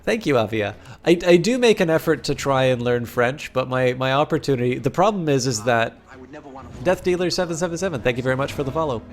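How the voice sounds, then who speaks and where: A man's voice: mid-range voice, expressive, brisk, faint music behind. A man streaming live and chatting casually, rambling through long, complicated sentences.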